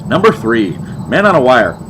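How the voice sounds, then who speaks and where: A man's voice: mid-range voice, very animated, moderate pace, noisy background. A young man giving a sarcastic, exasperated album review, mocking as he goes.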